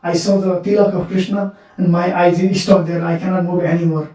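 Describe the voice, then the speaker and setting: A man voicing a lovesick young village girl, in a slow, wistful way, recorded far from the mic in an echoey temple hall. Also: high-pitched, level tone, dark tone, lightly acted. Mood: longing.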